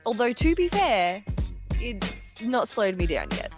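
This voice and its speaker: A woman's voice: a little high, big pitch swings, a little slow. A woman in her thirties hosting a podcast segment, reading a scripted piece in a bubbly, self-mocking, chatty way. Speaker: podcast host. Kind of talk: scripted segment read to mic. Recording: music bed behind the voice.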